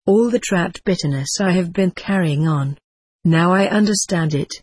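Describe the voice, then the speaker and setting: A remorseful fallen woman, as the storybook's reader puts her on, pleading quietly and earnestly for help. Her voice is husky and breathy, recorded close and dry with no room sound. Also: mid-range voice, moderate pace, no room sound, lightly acted. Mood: solemn.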